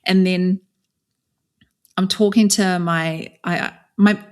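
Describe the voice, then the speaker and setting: A young woman from New Zealand tells her story as a podcast guest, talking candidly and conversationally. Her voice sits a little low, and she often restarts her sentences and leans on fillers. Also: steady tone, slow.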